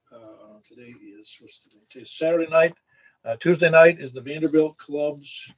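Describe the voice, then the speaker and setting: Acting as net control on a ham radio net, a man chats casually on air, rambling and correcting himself. His voice is medium-pitched, and the recording is rough.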